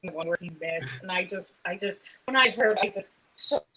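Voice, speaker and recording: A woman speaking softly and ruefully in a casual podcast chat. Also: medium pitch, normal speed, poor audio.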